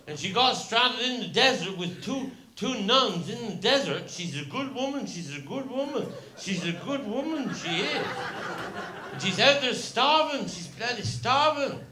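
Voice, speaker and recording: A man's voice: extremely high pitch, lively intonation, unhurried, a crowd in the background. An older man with a Cornish accent telling a long rambling comic story on stage, repeating his phrases in broad dialect. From Cornwall, England. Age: 70s. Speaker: stand-up comedian. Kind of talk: rambling live stand-up storytelling. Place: live venue with audience laughter. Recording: echoey live room, noisy. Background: audience laughter.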